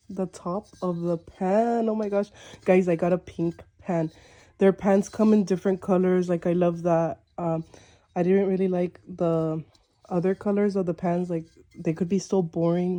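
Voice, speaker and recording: A young woman films herself opening a package, words tumbling out in breathless delight. Her voice is very warm and mellow, with no edge to it. She keeps circling back to exclamations and filler words as she goes. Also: fairly low pitch. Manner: gushing, breathless, lots of "like" and "oh my gosh". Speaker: vlogger. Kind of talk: excited unboxing vlog.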